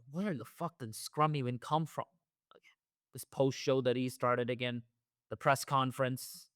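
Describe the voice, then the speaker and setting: A man's voice: medium pitch, clean tone, no room sound, studio quality. A man hosting a wrestling reaction show, ranting heatedly with lots of profanity and repeated phrases. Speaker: wrestling commentary host.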